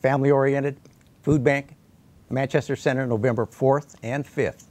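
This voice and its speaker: Older man guest on a TV chat, mid-pitched, matter-of-fact promoter. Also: steady tone, measured pace, a little mellow. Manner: plain, announcing details. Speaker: event promoter. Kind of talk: studio interview.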